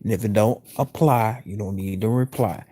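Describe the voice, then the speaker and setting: A man's voice: on the low side, moderate pace, mellow. A man giving blunt, profane, casual commentary as he reacts to a clip. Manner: blunt, profane street talk.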